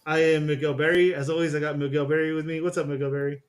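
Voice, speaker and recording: A man's voice: on the high side, little pitch movement, fast talker. A man hosting a casual sports podcast, joking and bantering with his co-hosts. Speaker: podcast host.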